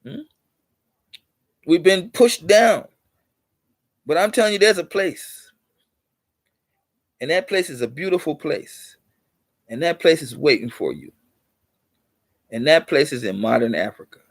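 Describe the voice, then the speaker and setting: A man with a high voice, preaching to the camera in a repetitive, insistent way. He spins little stories to make his point. The sound is dry and close, with no room echo. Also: animated, a little slow, pauses often. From United States. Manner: preachy, repeats points for emphasis; tells allegorical stories. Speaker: channel host. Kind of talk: motivational vlog talk.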